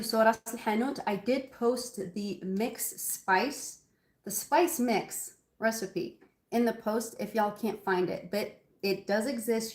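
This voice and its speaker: A woman's voice: on the high side, roomy sound. A woman hosting a casual cooking livestream from her home kitchen, chatting with viewers in a rambling way with lots of ums. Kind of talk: casual live cooking chat.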